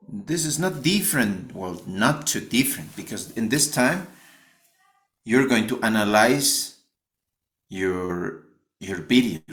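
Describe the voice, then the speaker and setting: A man with a Spanish accent teaching a phonetics class, explaining an assignment and often rephrasing as he goes. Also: fairly low pitch. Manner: repeats and rephrases himself while explaining.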